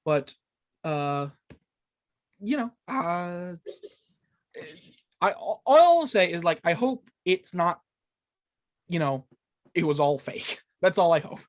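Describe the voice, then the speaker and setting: Rambling podcast host who trips on words. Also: male voice, high voice, lively intonation, slow pace, long pauses. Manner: stumbles over words, swears in frustration; rambling with many fillers. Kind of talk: casual gaming podcast chat.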